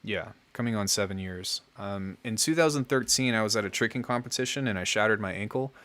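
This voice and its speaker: A man's voice: fairly low pitch, a little fast, a bit bright. A young man chatting casually on his livestream, giving friendly feedback on music with lots of fillers. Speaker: music producer streaming feedback.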